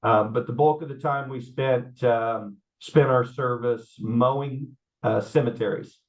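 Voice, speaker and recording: A man, telling his life story in an interview, halting with many fillers and repeats. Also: mid-range voice, steady tone. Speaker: guest. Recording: slightly dull audio.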